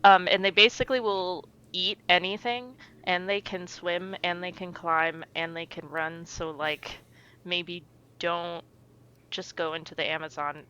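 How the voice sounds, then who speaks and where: A young woman co-hosting a casual podcast, chatty and animated. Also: fairly low pitch, measured pace, smooth, dull audio. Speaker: podcast co-host. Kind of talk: casual chat.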